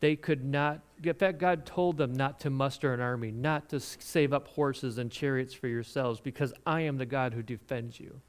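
A man preaching a sermon, retelling a Bible story in an animated way with laughs and restarts. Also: medium pitch, normal speed, hardly any pauses.

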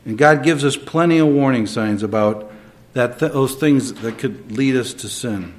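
A man preaching a sermon, moving between quiet reflection and emphatic, rising delivery. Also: mid-range voice, moderate pace. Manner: dynamic, swings between soft and emphatic.

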